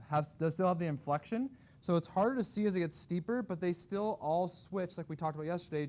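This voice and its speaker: A man's voice: sits high, a little mellow, dull audio. Casual man teaching a math class. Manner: casual, thinking aloud while graphing. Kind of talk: classroom lecture.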